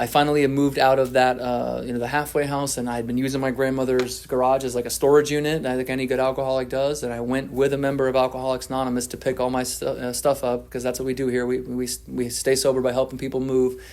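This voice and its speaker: A man's voice: medium pitch, a little mellow. A man telling his story at a twelve-step recovery meeting, candid and self-deprecating, often restarting his sentences.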